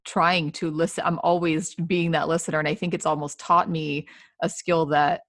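A woman's voice: low voice, level tone, moderate pace, no echo, studio quality. A woman hosting a podcast, speaking earnestly and effusively in casual interview chat. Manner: earnest, effusive, repeats words. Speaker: podcast host.

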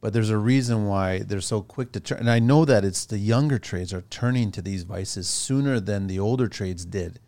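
A man's voice: lowish voice, moderate pace, few pauses, a little mellow. A man hosting a casual podcast about the trades, talking bluntly and conversationally. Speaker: podcast host.

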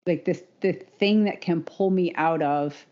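A woman co-hosting a casual podcast as a running coach, talking in an animated, opinionated way and laughing often. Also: on the low side, unhurried. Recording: dull lo-fi podcast audio.

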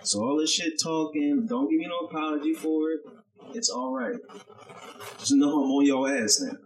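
A man's voice: a little high, normal speed, a little hiss or hum, low-quality recording. A man co-hosting a podcast, telling a story in casual chat, acting out the people he quotes and swearing freely. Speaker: podcast co-host, chef.

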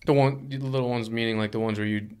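A man hosting a casual interview, sharing his own stories in an animated, drawn-out way. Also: medium pitch, clean tone.

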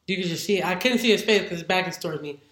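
Guest spot: woman head coach, lively storyteller, acts out the voices of others, roomy echo around her. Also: fairly low pitch, very fast. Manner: animated, acts out what others said. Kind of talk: casual interview storytelling.

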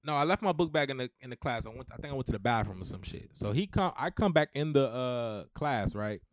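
A young man, telling a story to friends in casual chat, animated and repeating himself to hold the floor. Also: medium pitch, fast talker, dry recording, studio quality. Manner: animated, repeats "so listen", acts out quotes.

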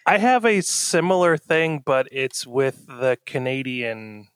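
Rambling, halting man in casual chat. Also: medium pitch, a bit bright, clean tone, no echo. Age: adult with a young daughter. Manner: rambling, full of "like" and restarts. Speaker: podcast co-host.

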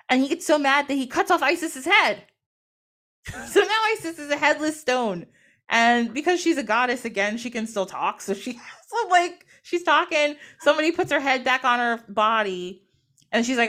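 A woman's voice: on the high side, big pitch swings, moderate pace, fairly bright tone. A young woman hosting a podcast, casually retelling a myth in slangy modern quotes and laughing often. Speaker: podcast host. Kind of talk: casual storytelling.

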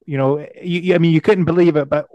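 Male podcast host, fairly high voice, halting questions, dry close sound. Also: fairly even intonation, no echo, muffled recording. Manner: halting, restarts his questions. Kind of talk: casual interview.

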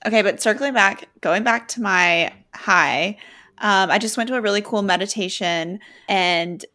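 Chatty young woman, middle-pitched voice. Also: moderate pace, sharp tone. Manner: chatty, reflective, many fillers. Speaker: podcast co-host. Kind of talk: casual chat.

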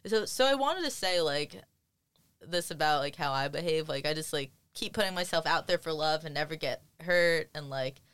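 An animated young woman with a fairly low voice that swoops up and down as she talks. She co-hosts a casual podcast, teasing and laughing, with loose rambling speech. The recording is close and dry. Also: normal speed, smooth, dry recording. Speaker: podcast co-host. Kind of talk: casual chat.

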